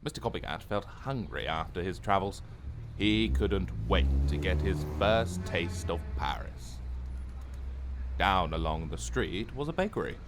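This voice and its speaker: Slow, lively storybook narrator, man. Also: sits low, slight background noise. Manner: gentle, expressive storytelling.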